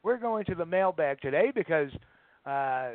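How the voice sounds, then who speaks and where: A man's voice: on the high side, animated, moderate pace, no echo. Middle-aged male radio host, joking. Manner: joking, storytelling. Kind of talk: casual radio chat. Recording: dry, phone-like line.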